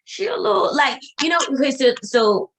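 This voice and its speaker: A woman's voice: high-pitched, expressive, moderate pace, a bit bright, poor audio. A woman co-host. She talks bluntly and emphatically, repeating phrases to drive her point home and swearing casually. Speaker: podcast co-host. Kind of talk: casual chat.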